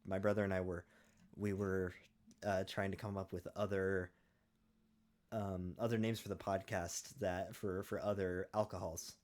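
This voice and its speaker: A man with a fairly low voice, chatting casually as a podcast co-host. He talks in a relaxed, unhurried way and fills his pauses with ums and you-knows. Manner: relaxed, filler-heavy, deliberate. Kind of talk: casual chat.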